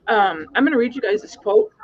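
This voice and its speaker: A woman's voice: on the high side, huge pitch swings, brisk, slightly rough. Earnest woman host, dull lo-fi sound. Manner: earnest, emphatic, repetitive exhortations. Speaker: podcast host. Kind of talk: panel discussion.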